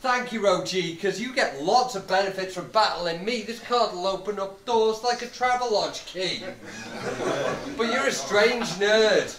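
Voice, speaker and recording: A man's voice: sits high, moderate pace, hardly any pauses. A young man rapping cocky, insulting battle bars to a live crowd. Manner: cocky, insulting, punchline delivery. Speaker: battle rapper. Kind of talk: rap battle verses delivered to a live crowd. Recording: echoey venue with loud crowd.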